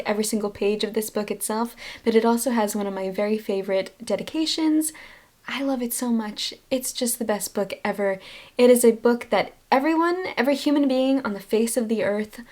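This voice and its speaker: A woman's voice: mid-range voice, a little mellow. A woman book vlogger chatting casually to her viewers, gushing and enthusiastic with rambling asides. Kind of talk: casual chat to camera.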